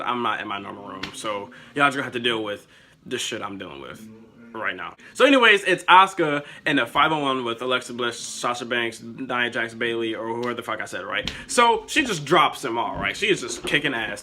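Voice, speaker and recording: A young man vlogging in a casual, excitable and profane way, rambling as he spins made-up storylines. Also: mid-range voice, fairly quick. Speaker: wrestling vlogger. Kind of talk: casual chat.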